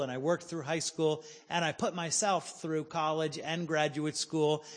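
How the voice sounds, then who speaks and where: A pastor in his forties preaches a sermon in a large hall, telling a personal story with humor and slowing down for emphasis. His voice sits a little high.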